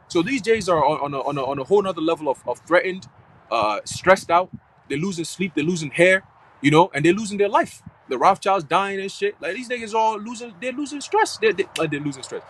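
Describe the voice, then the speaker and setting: A man's voice: a little high, a bit bright, a little hiss or hum, low-quality recording. A man giving a live church teaching in casual, slangy, profane talk full of fillers. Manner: slangy and profane, heavy fillers like "you know what I'm saying". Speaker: church speaker.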